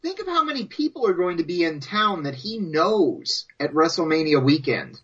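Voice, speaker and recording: A man co-hosting a podcast, excitable and joking in casual chat. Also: a little high, moderate pace, slightly rough, muffled recording. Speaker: podcast co-host. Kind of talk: casual chat, hyped promo.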